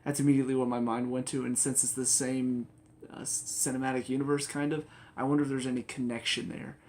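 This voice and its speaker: A man's voice: mid-range voice, level tone, fast talker, darkish tone. A man giving a casual video review of TV episodes, chatty and rambling, with an enthusiastic way of talking. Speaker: TV review vlogger.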